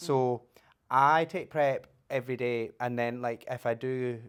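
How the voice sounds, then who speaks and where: A man's voice: medium pitch, fairly even intonation, a little slow, clear, resonant tone. A man hosting a podcast, telling cheeky stories and laughing as he talks. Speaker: podcast host. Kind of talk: casual chat.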